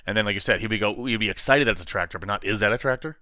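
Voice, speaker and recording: Bright-voiced guy on a chatty podcast, giggly, mimics lines in silly voices. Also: very fast, no echo, studio quality. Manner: laughs often, acts out lines in high mocking voices. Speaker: podcast co-host. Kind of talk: casual comic book podcast chat.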